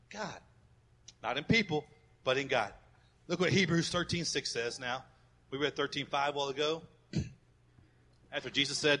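A man preaching a fervent sermon as pastor of a church, leading the congregation in loud call-and-response, then dropping to soft, close asides. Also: a little high.

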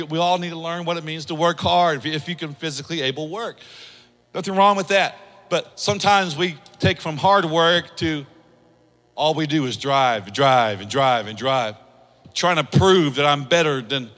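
A male pastor preaches in a high, bright voice, moving from hushed asides to animated quoted voices. His sermon rings out in a hall with a long reverb tail. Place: church hall.

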